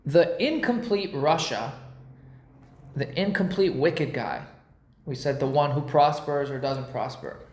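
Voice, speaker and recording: A man with a somewhat high voice gives a relaxed, slang-filled Torah lesson, leaning on everyday comparisons to make his point. He sounds like he's in an echoey room. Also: a little slow. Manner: animated, slangy, uses pop-culture comparisons. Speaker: Torah teacher. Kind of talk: casual Torah class.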